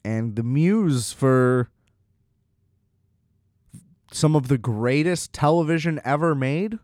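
A man's voice: mid-range voice, takes it slowly, a little mellow, no room sound, clean studio sound. A man casually telling a rambling, self-deprecating story, often laughing at himself.

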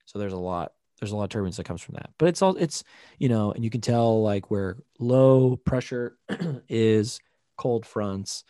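A man's voice: lowish voice, normal speed, mellow, no echo, clean studio sound. A man co-hosting a casual podcast, explaining things at length with many fillers. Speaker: podcast co-host. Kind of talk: casual chat.

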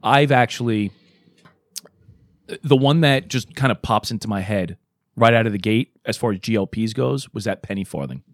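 A man's voice: fairly low pitch, moderate pace, dry recording, clean studio sound. A man co-hosting a podcast in casual, rambling, profane chat, sarcastic and loose. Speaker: podcast co-host.

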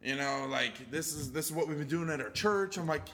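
A man's voice: fairly high pitch, fairly quick, a bit bright. A young man in a casual chat, rambling and self-mocking, swearing freely.

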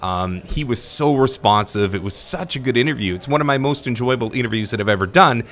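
Here a podcast host reminisces eagerly about favourite interviews, keeping the talk conversational. He speaks fairly quickly in a mid-range, fairly bright voice with lively intonation.

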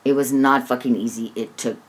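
A woman's voice: very deep voice, steady tone, brisk. A middle-aged woman and mother, talking about her son in a heated, emotional conversation and swearing freely. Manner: heated, swears freely, acts out others' voices.

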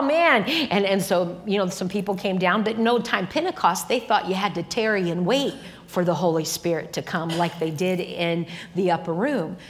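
A woman guest minister preaching a sermon. She speaks with animated energy and keeps calling out to the congregation. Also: medium pitch. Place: church service with a congregation.

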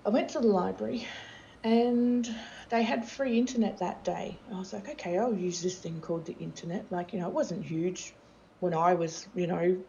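Gravelly woman, candid storyteller. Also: mid-range voice, mellow, muffled recording, a little hiss or hum. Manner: candid, frequent fillers and restarts. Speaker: interview guest. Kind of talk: personal storytelling in an interview.

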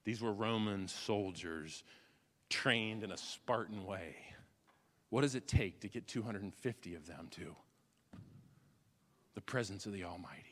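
A man preaching a sermon as a pastor, dramatic, swinging from loud declarations to hushed tones. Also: lowish voice, unhurried, pauses often, long reverb tail.

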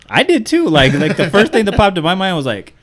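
A man's voice: sits high, wildly swooping pitch, brisk. A man in his thirties telling a story in casual chat, acting out quotes and swearing freely. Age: 30s. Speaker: podcast co-host.

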